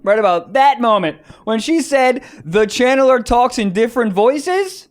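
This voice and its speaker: A man co-hosting a casual comedy podcast, telling a story with lots of swearing and breaking into high-pitched laughing fits. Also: lively intonation, a little slow. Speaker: podcast co-host.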